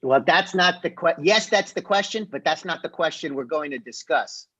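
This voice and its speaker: A young man, a rabbi, teaching a casual online class and retelling a story in a joking, lively way. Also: on the high side, moderate pace, breathy edge, highs cut off. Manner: lively, jokey retelling with voiced characters. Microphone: video call.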